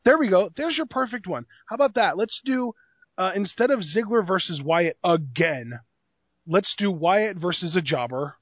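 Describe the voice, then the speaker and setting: A man's voice: high voice, lively intonation, moderate pace, fairly bright tone, dry recording. A man co-hosting a casual wrestling review podcast, blunt and exasperated, quizzing his co-host with pointed questions.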